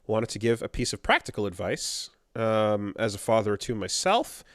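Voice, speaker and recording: A man's voice: on the low side, moderate pace, dry recording, studio quality. A man co-hosting a podcast, reading listener emails aloud and chatting casually. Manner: relaxed, reads letters aloud. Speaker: podcast co-host.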